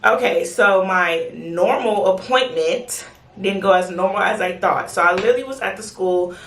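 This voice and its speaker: A woman telling her birth story in a casual, excited, chatty way, acting out the voices of the people in it. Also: medium pitch, normal speed, slight background noise. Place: home bathroom. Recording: echoey bathroom.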